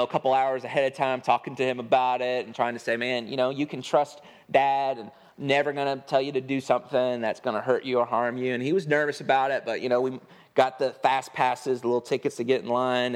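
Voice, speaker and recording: A man's voice: mid-range voice, flat delivery, brisk. A man in his thirties giving an earnest sermon-style talk on parenting, telling a family story and acting out the dialogue.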